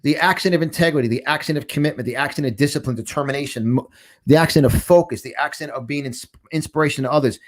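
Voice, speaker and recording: A podcast host with a New York accent, talking in a rambling, fired-up way from a large studio. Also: male voice, fairly high pitch, quick pace. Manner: rambling, fired up, repeats words. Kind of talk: animated talk-show chat.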